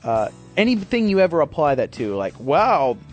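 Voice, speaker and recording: A man's voice: on the high side, very animated, moderate pace, faint music behind. A man hosting his podcast in a rambling, self-deprecating casual monologue, swearing freely. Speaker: podcast host.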